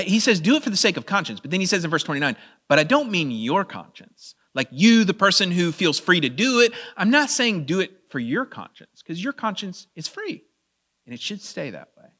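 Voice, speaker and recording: A man preaching a verse-by-verse sermon in a conversational way, asking the audience questions and reading scripture slowly with drawn-out emphasis. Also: high-pitched, fairly bright tone. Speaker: pastor. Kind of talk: expository sermon.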